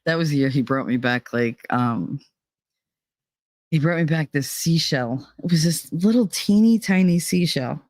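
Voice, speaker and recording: A woman's voice: deep voice, animated, a little slow, a little mellow, no room sound, studio quality. A woman hosting her own vlog, telling a personal story in a candid, profane way and acting out the people in it. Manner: candid, profane, acts out quoted dialogue. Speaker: vlog host.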